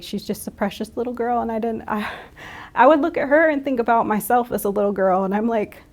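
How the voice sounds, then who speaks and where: A middle-aged woman talks openly in an interview, her voice carrying a gravelly edge. She is reflective and halting, often starting a sentence over before she finishes it. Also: fairly high pitch, darkish tone. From Michigan. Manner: halting, reflective, with frequent restarts. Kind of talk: candid interview.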